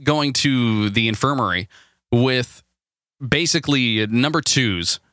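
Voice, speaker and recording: Rambling man hosting with a bright voice. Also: mid-range voice, slow pace, no echo, clean studio sound. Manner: rambling, stammering, laughs often. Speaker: podcast host. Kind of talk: casual comedic chat.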